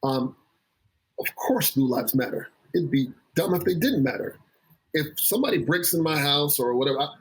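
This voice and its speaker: Earnest man with a husky voice. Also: on the high side, lively intonation, low-quality recording. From United States. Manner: earnest, halting, repeats words while thinking. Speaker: children's pastor. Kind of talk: candid interview conversation.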